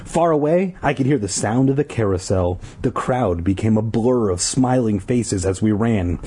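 A man's voice: lowish voice, lively intonation, normal speed, warm tone, husky. A man from Southern California casually reading a children's horror book aloud, with dry joking asides. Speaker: story reader.

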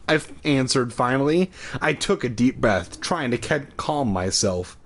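A man's voice: mid-range voice, lively intonation, normal speed, few pauses. A man reading a children's horror book aloud for laughs, drinking as he goes and breaking off for profane, mocking asides. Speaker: reader. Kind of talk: comedic read-aloud of a kids' horror book.

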